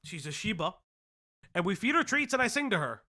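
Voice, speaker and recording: Man, stream host, live commentary, high voice, very bright tone, profane, explosive. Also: sing-song, a little fast.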